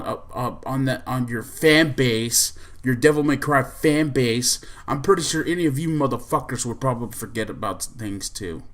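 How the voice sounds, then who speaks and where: A man's voice: medium pitch, moderate pace, hardly any pauses, fairly bright tone. A male podcast host in an angry, profane rant, repeating himself and restarting sentences as he vents. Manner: repetitive and profane, heated venting with restarts.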